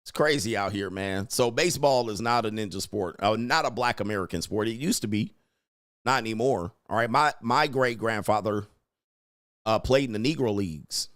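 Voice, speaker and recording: A man's voice: fairly low pitch, moderate pace, fairly bright tone, no room sound, studio quality. A man in his forties hosting a casual commentary monologue, riffing in crude slang and laughing often. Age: 40s. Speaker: host.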